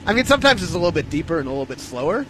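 A man's voice: on the high side, sing-song, racing, sharp tone, slight background noise, rough recording. A man on a radio show, joining the banter with short playful remarks. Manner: playful interjections.

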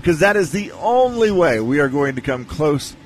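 A man's voice: a little high, big pitch swings, moderate pace, a little hiss or hum. A man co-hosting a radio charity drive, teasing and upbeat in casual banter. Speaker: radio host.

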